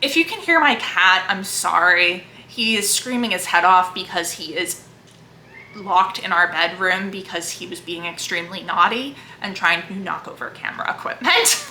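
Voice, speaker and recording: A woman talks about books with effusive enthusiasm. Her voice is bright and forward. The echoey room adds a faint hiss behind her. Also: lowish voice, lively intonation, normal speed. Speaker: book video creator. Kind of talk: casual book talk. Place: home.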